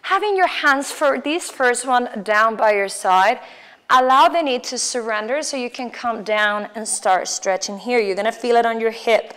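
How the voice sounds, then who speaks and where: A woman with a Mexican Spanish accent, guiding a yoga class with calm, slow cues for breath and poses. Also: a little high, clean tone. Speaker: yoga instructor. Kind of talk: guided yoga class instruction.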